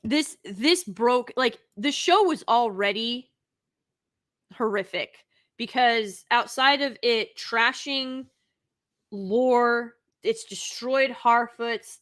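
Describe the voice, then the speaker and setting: A woman's voice: fairly high pitch, slow pace, a bit bright. A woman hosting a live stream, giving an unscripted review in an indignant, emphatic way, with sighs and restarts.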